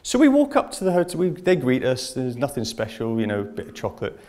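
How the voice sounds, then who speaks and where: A man speaking at a conference in front of a live audience. His delivery is chatty and anecdotal, and he speaks straight to the room. His voice sits at an ordinary middle pitch. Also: wildly swooping pitch, fast, a little mellow. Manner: chatty anecdotal storytelling, addresses audience directly. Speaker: information security speaker. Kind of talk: conference presentation.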